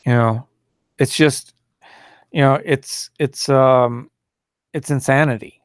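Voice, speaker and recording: A man's voice: mid-range voice, fairly even intonation, takes it slowly, clear, resonant tone, dry recording, clean studio sound. A man hosting a solo talk show, rambling and indignant, with many fillers and restarts, who mocks opposing views in a raised, sneering voice.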